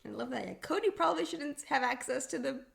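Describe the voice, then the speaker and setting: A woman's voice: high-pitched, lively intonation, quick pace, gravelly. A young woman co-hosting a podcast, recapping an episode in casual chat, laughing often. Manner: chatty, laughs often, acts out character lines. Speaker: podcast co-host.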